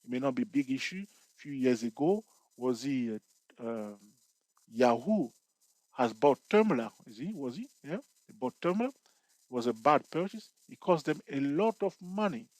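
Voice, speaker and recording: A man's voice: medium pitch, animated, unhurried, darkish tone, dry recording, poor audio. A man with a mid-range voice teaching an investing lesson, recorded close and dry with no room sound. He explains step by step in loose, restarting phrases, and keeps checking in with his viewers with "okay?" and "all right?". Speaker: trading instructor. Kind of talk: explaining over a chart.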